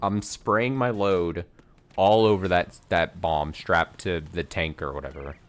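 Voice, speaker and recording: A man's voice: deep voice, fairly even intonation, unhurried, faint music behind. A man streaming a game live, commenting to himself in an exasperated way and swearing as he plays.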